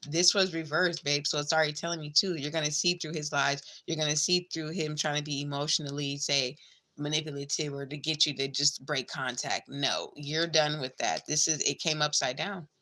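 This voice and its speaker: A woman's voice: sits low, normal speed, pushed and bright. A woman giving a casual tarot reading, chatty and blunt, swearing freely and calling the listener babe and girl. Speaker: tarot reader.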